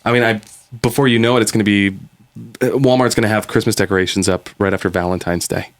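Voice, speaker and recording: A man's voice: on the low side, fairly even intonation, fast. A man hosting a podcast in a studio, chatting and joking loosely with his co-hosts. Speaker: podcast host. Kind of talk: casual chat.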